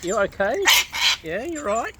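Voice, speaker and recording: A woman chats to wild birds in a playful, cooing baby-talk voice as she feeds them outdoors. Her pitch swoops up and down a lot and she talks slowly. The recording is noisy with birds all around. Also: big pitch swings. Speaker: bird feeder filming wild birds.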